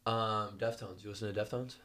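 A young man co-hosts a podcast from a studio mic, chatting casually and animatedly, laughing a lot and swearing freely. His voice is lowish, steady, brisk, bright, and forceful.

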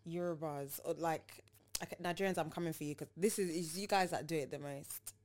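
A young woman guest on a podcast, chatting casually and telling stories with lively quoted bits. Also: deep voice, brisk. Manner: animated storyteller, acts out quotes. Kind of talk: casual chat.

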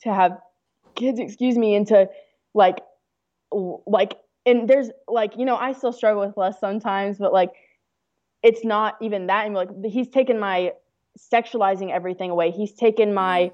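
A woman's voice: medium pitch, steady tone, normal speed, darkish tone. Young woman guest, earnest, says like a lot, slightly muffled recording. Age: young adult. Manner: earnest, many fillers like "like". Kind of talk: casual testimony chat.

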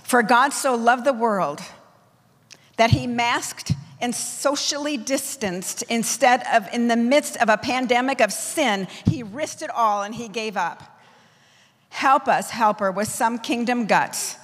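A woman preacher delivers a forceful, declamatory sermon. Her voice sits somewhat high, and a long reverb trails after her words as if in a large hall. She drives her points home in emphatic, repeated lists. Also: takes it slowly. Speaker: apostle preaching to her church.

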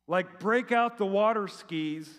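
Middle-aged man, pastor, high voice, chatty sermon, sarcastic asides, long hall reverb. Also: slow. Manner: animated and chatty, with sarcastic asides and frequent restarts. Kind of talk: conversational sermon.

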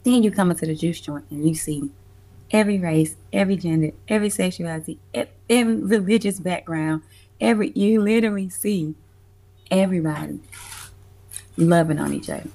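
Low, gravelly-voiced woman telling stories. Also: fairly quick. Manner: animated and emphatic, laughs often, swears casually. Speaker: guest, community music event organizer. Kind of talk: casual conversational storytelling.

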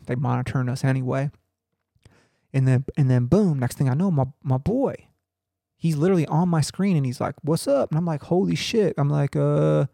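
A man's voice: medium pitch, gravelly, dark tone, dry recording, studio quality. A young man telling a long, rambling, profane story in a casual monologue, full of fillers and restarts.

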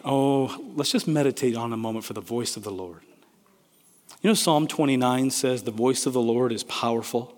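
A man preaching a sermon, swinging between loud emphatic declarations and hushed, quiet passages. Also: medium pitch. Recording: long hall reverb.

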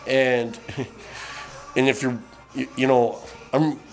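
Over soft background music, a middle-aged Canadian podcaster speaks extremely slowly in a medium-pitched, fairly flat voice. Slightly drunk on beer, he rambles and curses, stumbling through fillers and restarts.

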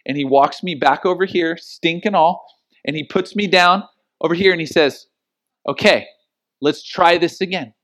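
A middle-aged man preaching a sermon as pastor, telling stories and acting out the quotes with lively energy. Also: on the high side, normal speed. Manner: animated storytelling with acted-out quotes.

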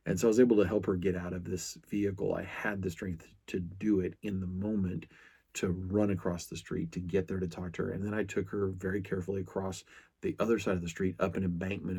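Middle-aged male podcast host, deep husky voice, earnest storyteller. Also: little pitch movement, brisk, dark tone. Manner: earnest storytelling, frequent restarts. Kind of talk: casual podcast monologue.

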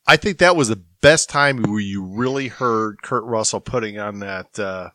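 A man's voice: on the low side, moderate pace, bright, forceful tone, dry recording. A man co-hosting a movie podcast, introducing clips in casual chat, hesitant and searching for words. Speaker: podcast co-host running the clips.

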